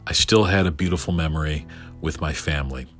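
A middle-aged man telling a story casually, animated and excitable, often stumbling over his words with restarts. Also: extremely low pitch, brisk, soft background music. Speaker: podcast guest telling a story.

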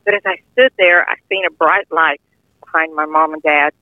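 A woman's voice: low voice, very animated, normal speed, dry recording. An older woman earnestly telling a heartfelt personal testimony in plain, informal speech. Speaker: guest sharing a testimony. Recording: tinny phone-line audio, dry.

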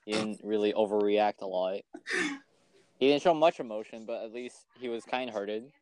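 A man's voice: lowish voice, normal speed, darkish tone, no room sound. Teasing young man with a dry mic. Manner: laughing, teasing, stumbling restarts. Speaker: podcast co-host. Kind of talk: casual podcast banter.

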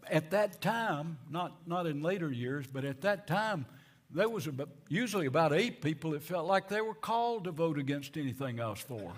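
A male pastor tells a long story from the pulpit. His voice sits a little high for a man, and he talks in an animated, storytelling way, restarting phrases and acting out the people he quotes. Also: normal speed. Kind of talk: sermon storytelling.

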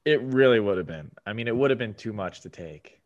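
A man co-hosting a casual sports podcast, easygoing and given to drawn-out retelling. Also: lowish voice, expressive, muffled recording. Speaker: podcast co-host. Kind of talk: casual chat.

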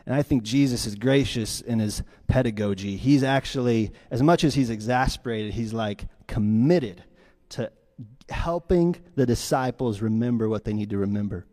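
A man preaching a sermon as pastor, telling stories with lively swings between loud, quick lines and hushed, quiet ones. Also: medium pitch. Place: church sanctuary. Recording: long hall reverb.

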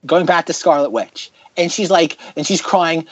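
A man hosting a podcast in casual chat, ranting sarcastically in quick bursts. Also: fairly high pitch, breathy edge, no room sound, highs cut off. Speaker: podcast host.

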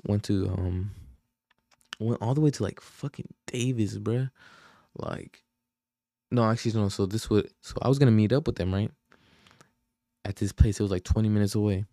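A young man on a podcast tells a story in a casual, slang-heavy way, swearing and often losing his thread. His voice is low, dark and relaxed. The sound is dry and close. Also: creaky, no room sound. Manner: rambling, slangy, profane, loses his train of thought. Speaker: podcast host.

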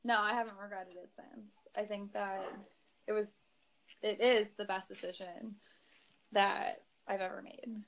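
A woman's voice: medium pitch, little pitch movement, a little slow, vocal fry, rough recording. A young woman telling a story in casual podcast chat, laughing often and talking with fillers. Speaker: podcast guest.

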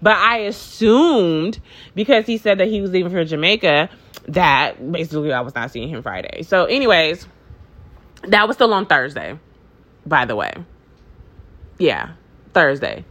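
Deep-voiced and measured, with long pauses, a woman tells a casual storytime that rambles and is laced with swearing and fillers. She animatedly plays both people in the conversation.

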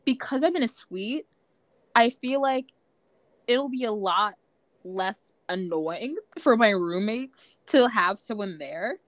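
A young woman co-hosting a podcast in casual chat, talking fast with lots of "like" fillers. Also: mid-range voice, animated, no room sound. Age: young adult. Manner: chatty, many "like" fillers. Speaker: podcast co-host.

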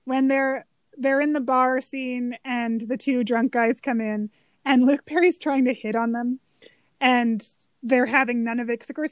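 A fairly high-voiced woman co-hosting a casual film chat, enthusiastic and quick to laugh. Her voice sounds dry and close to the mic. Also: no echo. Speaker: podcast co-host.

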